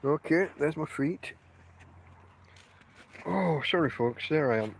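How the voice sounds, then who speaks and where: A man's voice: on the high side, slow pace, creaky, a little hiss or hum. An English man hosting a casual live stream while walking his dog outside at night, rambling and chatting to his dog between thoughts. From England. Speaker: podcast host.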